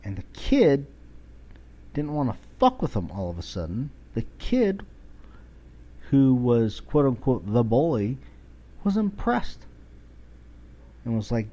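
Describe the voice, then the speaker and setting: A man's voice: mid-range voice, wildly swooping pitch, a little slow, pauses often, dark tone. A man around forty hosting a podcast, giving a blunt, profane casual monologue. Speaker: podcast host. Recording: dull lo-fi recording.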